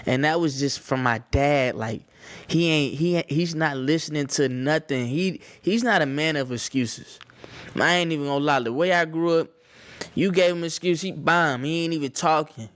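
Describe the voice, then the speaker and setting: A man's voice: a little high, normal speed, a bit bright, dry recording. A young man from Atlanta with a Southern Atlanta accent, telling stories casually to his viewers, repeating phrases and slipping into slang. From Atlanta, Georgia, US. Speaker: vlogger. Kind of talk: casual storytelling to camera.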